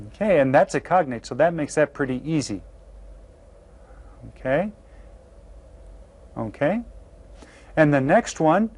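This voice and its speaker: A man teaching a beginner language lesson to children, slowly and patiently sounding out each word. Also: fairly high pitch, expressive, darkish tone. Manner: slow, patient, carefully sounds out words. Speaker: Spanish teacher. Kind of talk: classroom video lesson.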